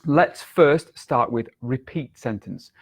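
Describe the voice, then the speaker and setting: A man teaching a video lesson as an English exam tutor, speaking clearly and deliberately and exaggerating intonation to demonstrate. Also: mid-range voice, animated.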